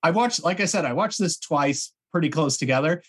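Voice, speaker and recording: A man's voice: fairly high pitch, animated, brisk, husky. A man co-hosting a podcast, chatting enthusiastically about a film and laughing easily. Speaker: podcast co-host. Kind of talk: casual film discussion.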